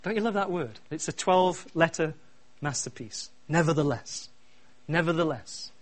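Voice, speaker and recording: A middle-aged man preaching a sermon, swinging from quiet asides to loud, repeated refrains. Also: on the high side, animated, normal speed. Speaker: pastor.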